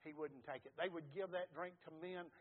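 A male preacher delivers a sermon in a fairly high voice, rising to loud cries and dropping to near hushes. The sound is thin and phone-like. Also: steady tone, moderate pace. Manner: emphatic preaching, swings between loud and hushed.

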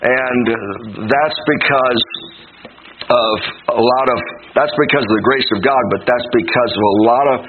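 A man's voice: mid-range voice, steady tone, normal speed. A man preaching a sermon as a visiting preacher. He tells stories, quizzes the congregation, and reads scripture in a raised, ringing tone. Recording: tinny phone-like sound with noise.

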